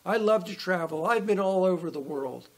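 A man's voice: high voice, lively intonation, moderate pace. A man voicing a boastful, chatty talking horse in a sermon story. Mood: bragging. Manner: chatty bragging. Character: boastful well-traveled talking male horse.

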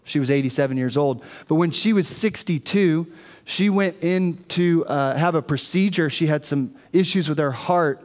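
A man's voice: on the high side, moderate pace. A man preaching a sermon in a church, telling stories animatedly to the congregation. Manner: animated storytelling, addressing the congregation. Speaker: pastor. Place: church sanctuary. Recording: long reverb of a church hall.

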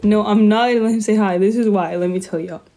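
A woman's voice: medium pitch, steady tone, fast talker, mellow. Chatty young woman live-streaming from her bedroom. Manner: chatty, lots of "like" fillers, laughs often. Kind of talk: casual live-stream chat. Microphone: phone. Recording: phone live stream with faint noise.

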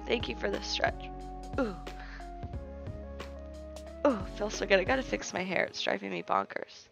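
American girl rambling to her stream chat, lots of likes and ums, kinda dull lo-fi mic, quiet music behind. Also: mid-range voice, lively intonation, moderate pace, gravelly, long pauses. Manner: chatty and rambling, heavy with "like" and "um". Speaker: live streamer. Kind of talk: casual live-stream chat, reading chat aloud. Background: faint background music.

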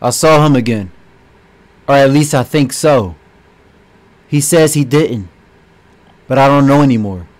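An actor playing a tired, troubled man in a game, speaking quietly and uneasily. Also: mid-range voice, measured pace, pauses often, no echo, close to an everyday voice. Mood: weary. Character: weary troubled man narrating his thoughts.

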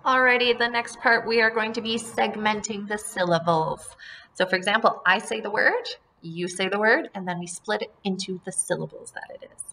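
A woman teaching a phonics lesson to young children, modeling words slowly and repeating them in a sing-song, encouraging way. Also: medium pitch, bright, forceful tone, slight background noise. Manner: slow, drawn-out word modeling, sing-song repetitions; encouraging, addresses children as friends and folks.

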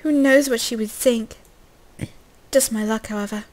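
A woman's voice: fairly high pitch, fairly even intonation, moderate pace, a little mellow, low-quality recording. A young woman reading a story game aloud in a casual way, breaking off with swearing, jokes and coughs.

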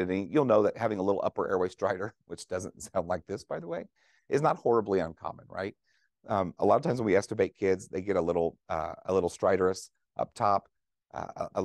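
Fast, chatty male nurse lecturer. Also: sits low, a little mellow, no echo, studio quality. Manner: conversational, jokey, asks audience questions. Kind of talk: conference lecture to clinicians.

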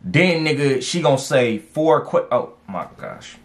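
Animated, slangy man with lively pitch. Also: measured pace. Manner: animated, slangy, repeats for emphasis. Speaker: dating advice vlogger. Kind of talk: casual reaction commentary.

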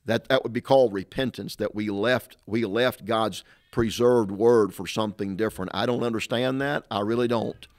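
A man's voice: lowish voice, fairly even intonation, normal speed, hardly any pauses. A middle-aged man, a pastor, giving a sermon-style talk, emphatic and repetitive, full of rhetorical questions.

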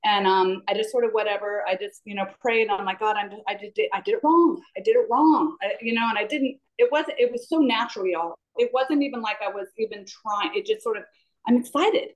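A woman's voice: medium pitch, fairly quick, lo-fi sound. A woman on a video call, eagerly sharing a personal testimony with an apologetic, rambling manner. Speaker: class participant.

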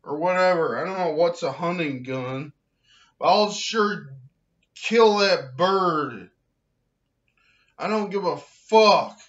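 A man rants for laughs, drawing his words out very slowly and breaking into shouts. His voice sits high and sounds bright and tense. The recording is dull and lo-fi. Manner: slow, loud, shouting angry outbursts. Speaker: comedic vlogger ranting to camera. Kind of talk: comedic rant.

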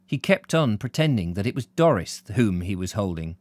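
A man's voice: fairly low pitch, very animated, normal speed, no room sound. A British man giving a live reading of a novel, then chatting with viewers and reading out their comments. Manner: storyteller, reads out viewer comments warmly. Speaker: reader and live-stream host.

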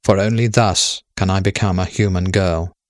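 A man voicing Death as a golden-haired young woman, speaking in a measured, solemn way with pleading questions. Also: low-pitched, fairly even intonation, no room sound, clean studio sound, lightly acted.

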